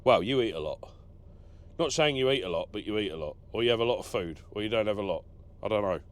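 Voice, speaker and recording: A man's voice: lowish voice, lively intonation, fast. A man who drives lorries, chatting casually in his truck cab as he reads out viewer comments, rambling and self-deprecating. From England. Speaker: lorry driver vlogger. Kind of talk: casual vlog chat, reading comments.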